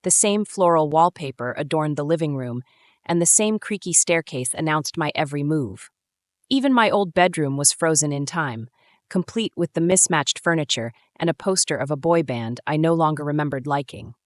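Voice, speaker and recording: A woman in her thirties narrating a first-person drama story in a measured, brooding way. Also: low voice, animated, no echo, clean studio sound. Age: 30s.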